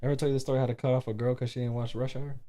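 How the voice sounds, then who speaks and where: A man's voice: mid-range voice, level tone, racing, mellow. A young man co-hosting a casual chat, rambling in a laid-back way with slang and swearing. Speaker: podcast co-host.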